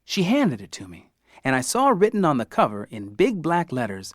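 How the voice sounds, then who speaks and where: A man narrating an audiobook in the first person, with an expressive, wry storytelling manner. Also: a little high, normal speed, dry recording, clean studio sound.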